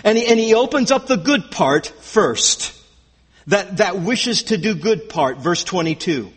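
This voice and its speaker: Man, preacher, emphatic, repeats key phrases, unhurried, echoing hall. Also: high-pitched, animated, fairly bright tone, slightly rough. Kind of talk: expository sermon.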